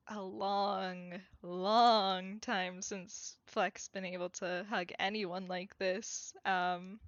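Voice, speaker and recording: Slow, halting woman narrating role-play. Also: mid-range voice, fairly bright tone, dry recording. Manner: halting, with many fillers. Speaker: tabletop role-play player. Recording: dull lo-fi, dry.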